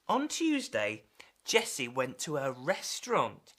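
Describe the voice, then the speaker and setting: A woman presenter reading a storybook aloud to children, expressive and emphatic. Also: a bass voice.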